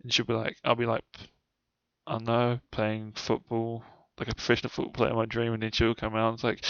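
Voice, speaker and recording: The young vlogger, speaking with a New Zealand accent, talks to camera about his childhood, wandering off topic, swearing plenty and trailing off. His delivery is monotone and brisk, mid-range and fairly bright, captured as dull, dry lo-fi sound without echo.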